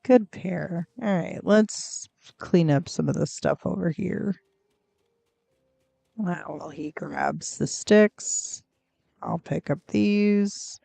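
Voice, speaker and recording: Slow, gravelly cozy game streamer. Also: medium pitch, dark tone, no echo. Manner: rambling and chatty, full of fillers, coos at in-game pets. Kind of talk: casual gameplay commentary.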